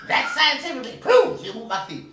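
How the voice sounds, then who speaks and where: A man voicing a big, bossy, loud woman in a film-comedy impression, speaking in a shrill, indignant way. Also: wildly swooping pitch, a little fast, over a noisy crowd, heavily acted. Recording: echoey room, distant mic.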